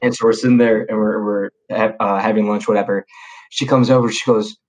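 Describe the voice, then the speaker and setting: A young man on a podcast as a guest tells stories in a casual, slangy chat, full of fillers and restarts. His voice is on the low side with fairly even intonation and a brisk pace, on a low-quality recording.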